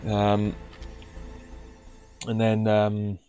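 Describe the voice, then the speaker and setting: A man's voice: lowish voice, monotone, very slow, mellow, soft background music. A man giving casual gameplay commentary, grumbling and sarcastic, with stumbling restarts. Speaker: let's play commentator.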